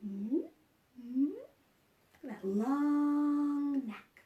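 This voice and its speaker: High, slow-paced storytime librarian woman. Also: narrow, tinny audio. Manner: animated and encouraging, with gasps of surprise and prompts to join in. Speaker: children's librarian. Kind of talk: online storytime reading picture books to children. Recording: roomy echo.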